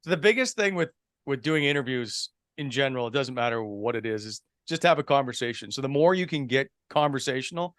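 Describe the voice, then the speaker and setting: A man from New Brunswick, a broadcaster and podcast guest, telling his career story in a relaxed, chatty way. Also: medium pitch, a little fast, no room sound, clean studio sound. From Canada, New Brunswick. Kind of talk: casual chat.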